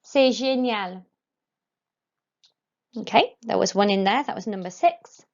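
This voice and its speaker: A woman teaching a recorded French lesson, dictating phrases slowly and explaining pronunciation in English. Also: mid-range voice, lively intonation, vocal fry, muffled recording.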